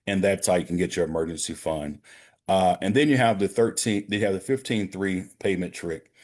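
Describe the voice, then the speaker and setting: Speaking fairly quickly in a low-pitched voice, a man who works as a banker offers hands-on financial literacy advice on a prayer call, calling his listeners gentlemen and brothers.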